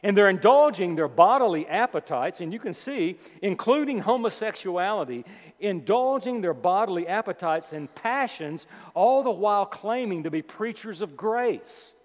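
A man preaching a sermon as pastor, emphatic and deliberate, repeating key words slowly for weight. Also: high voice, lively intonation. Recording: dull lo-fi sound with long hall reverb.

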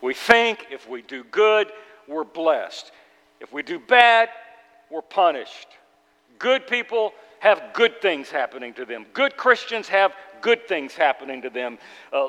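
Male preacher, high voice, earnest and halting, long hall reverb. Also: very animated, bright, forceful tone. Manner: earnest, halting with repeated restarts. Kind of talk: sermon.

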